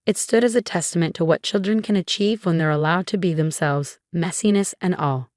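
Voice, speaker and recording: A woman reading a scripted first-person story in a calm, steady way. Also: on the low side, a little fast, no echo, clean studio sound. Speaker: narrator.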